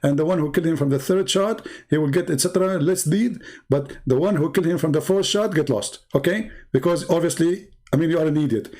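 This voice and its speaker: A man's voice: fairly high pitch, brisk, a little mellow. A man hosting a live stream, rambling in a mocking, sarcastic way in broken English, saying he is losing his voice. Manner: sarcastic, rambling, heavy non-native English.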